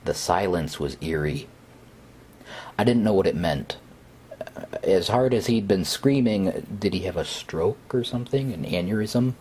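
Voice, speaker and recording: A man narrating a first-person horror story in a hesitant, conversational way, with fillers and pauses. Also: deep voice, expressive, a little mellow, slight background noise.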